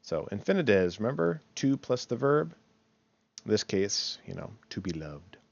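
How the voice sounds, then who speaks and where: A man's voice: mid-range voice, sing-song, moderate pace, creaky, darkish tone, no echo, muffled recording. A man teaching English grammar in a recorded online lecture, chatty and thinking aloud, often checking in with "right?" and correcting himself as he goes.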